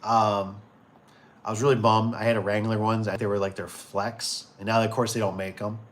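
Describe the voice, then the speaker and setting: Speaking in a lowish voice with a level tone and moderate pace, a man in his forties hosts a casual livestream for his door and gate shop. He reads out viewer comments and rambles comfortably, leaning on fillers and frequent restarts.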